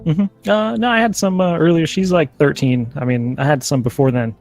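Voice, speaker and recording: A man who is a guest on a podcast, chatting in a relaxed, joking, rambling way. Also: fairly high pitch, moderate pace, gravelly, faint music behind. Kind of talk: casual interview chat.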